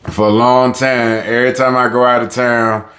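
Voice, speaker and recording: A man's voice: little pitch movement, moderate pace, fairly bright tone. A man with a Tidewater Virginia accent, talking casually and profanely in a loose vlog monologue. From Newport News, Virginia. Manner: loose and profane, heats up with rising pitch on social topics. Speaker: vlogger.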